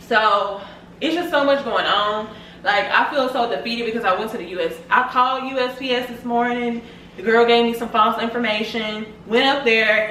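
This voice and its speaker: A woman's voice: on the high side, pushed and bright, slight background noise. Exasperated young woman venting, echoey room. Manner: exasperated, swears often, repeats herself. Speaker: vlogger. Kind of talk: frustrated venting to camera. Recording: echoey room, mic at a distance.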